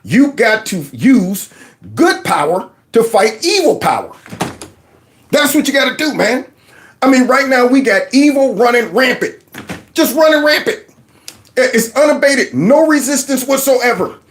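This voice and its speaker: Animated man with wild pitch swings. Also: unhurried, slight background noise. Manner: animated, mocking impressions, lively pitch swings. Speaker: commentary show host. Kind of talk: political commentary.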